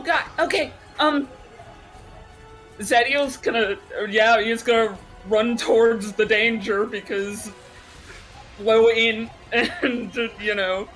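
A woman's voice: on the high side, fairly even intonation, slow pace, a bit bright, faint music behind. A woman playing in a tabletop game, chatty and laughing often as she talks through her moves. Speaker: player. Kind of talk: casual tabletop game play.

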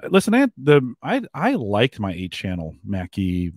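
Male host, lowish voice, meandering casual talk, dry studio sound. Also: wildly swooping pitch, normal speed, dry recording. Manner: rambling, filler-heavy, reads chat comments. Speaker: podcast co-host. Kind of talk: casual live-stream chat.

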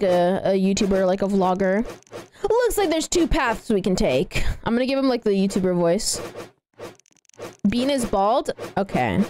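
A young woman in her late teens with a girlish, childlike voice, chatting excitedly and giggling as she streams a game and thanks donors. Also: on the high side, a little hiss or hum. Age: young adult. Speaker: live streamer. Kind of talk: casual livestream gaming chatter.

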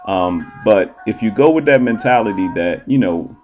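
A man hosting his own relationship show speaks in a blunt, profane and animated way, full of ums. His voice sits a little low. The recording is slightly dull and lo-fi, with faint music behind him. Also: normal speed. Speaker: entertainer and relationship show host. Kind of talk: casual monologue.

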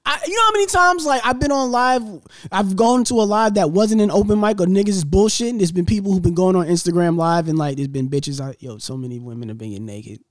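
A man co-hosting a podcast in casual chat, animated and joking as he tells stories, often laughing. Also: high-pitched, fast talker, few pauses, dry recording, clean studio sound. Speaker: podcast co-host.

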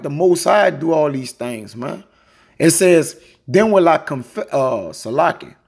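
Husky man giving a casual Bible lesson. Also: fairly high pitch, darkish tone. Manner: informal, fills lines with "man" and "all right". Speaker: Bible teacher.

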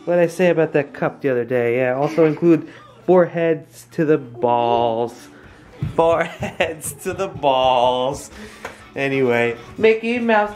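Her voice low-pitched and darkish at a moderate pace, a young woman vlogs about family life in casual chat to the camera. She addresses viewers directly and drifts into playful baby talk with her toddler.

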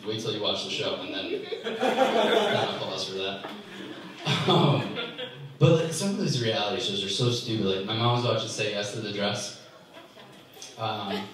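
A young man doing a stand-up comedy set in a club, ranting with exasperation and sudden jumps in pitch. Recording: echoey club from far off. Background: audience laughter.

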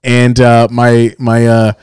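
Profane, animated male podcast co-host. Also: medium pitch, slow, clean tone, no echo. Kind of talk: casual podcast banter.

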